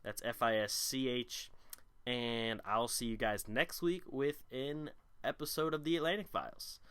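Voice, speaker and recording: A man's voice: mid-range voice, unhurried, fairly bright tone, smooth. A young man hosting a solo sports podcast, giving opinionated, rambling commentary with frequent restarts. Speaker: podcast host. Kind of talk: solo basketball rant.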